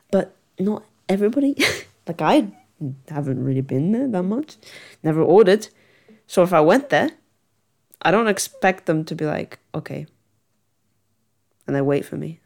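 A young woman chats casually to her viewers in a rambling vlog style, her voice sitting a little low for a woman. She laughs often and talks herself through her worries in a reassuring way. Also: vocal fry, a little mellow. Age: young adult. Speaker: vlogger. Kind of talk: casual chat to camera.

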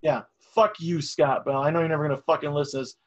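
A man's voice: on the high side, steady tone, fast, muffled recording. A young man co-hosting a casual podcast, crude and mocking. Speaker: podcast co-host.

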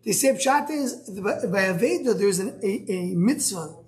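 Halting man teaching a Talmud class. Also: high-pitched, expressive, darkish tone. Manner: explains step by step, asks and answers himself; halting, restarts words. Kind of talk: live Gemara class.

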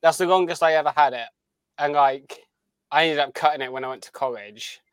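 A man's voice: a little high, brisk, smooth, no room sound. A young man chatting casually as a podcast co-host, rambling and enthusiastic with many restarts. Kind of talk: casual chat.

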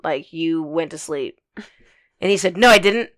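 A woman's voice: sits low, normal speed. Blunt, foul-mouthed young woman telling a story. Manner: blunt storytelling, swears freely, many likes. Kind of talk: casual podcast chat.

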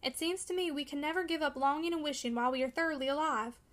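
Quick-paced and high-pitched with a fairly bright tone, a woman performs an audiobook character's lines. He's a discouraged, longing twenty-one-year-old, and she renders his speech as discontented, impetuous and pleading.

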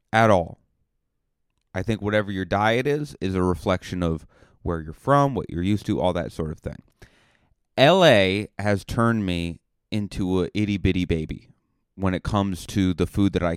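A young Massachusetts man, a road comic with his own podcast, delivers a solo comedic monologue. His low-pitched, smooth voice comes through a dry, studio-quality recording as he rambles through jokey, self-mocking bits.

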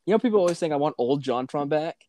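A man's voice: a little high, expressive, fast, dark tone, slight background noise. A man hosting a podcast, chatting casually and jokingly, rambling with lots of filler words. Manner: joking, rambling with many likes. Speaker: podcast host.

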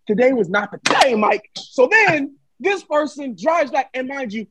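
A man telling a story in casual chat, dramatic and animated, acting out what people said. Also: very high-pitched, moderate pace, background noise. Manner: animated, dramatic retelling with acted-out quotes. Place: Michigan.

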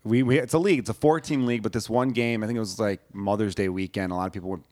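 A man's voice: fairly low pitch, fairly even intonation, rapid-fire, darkish tone, no echo, clean studio sound. A young adult man in casual chat, a self-mocking storyteller who rambles through anecdotes.

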